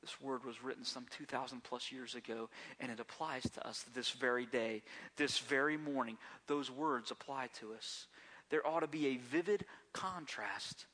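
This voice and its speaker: A man's voice: medium pitch, moderate pace, pushed and bright, husky. A man preaching a sermon as a pastor, talking conversationally and often asking the congregation rhetorical questions.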